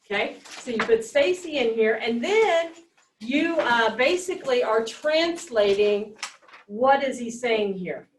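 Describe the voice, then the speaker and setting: Woman teacher talking to her class, kinda high voice, echoey room, mic sits far off. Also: lively intonation, measured pace, a little hiss or hum. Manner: explains step by step, asks the class questions. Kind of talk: classroom reading lesson.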